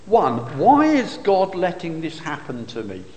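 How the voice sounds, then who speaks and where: A man's voice: on the high side, wildly swooping pitch, a little slow, a little mellow. A man preaching a sermon, explaining scripture with rhetorical questions and occasional fillers. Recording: reverberant hall.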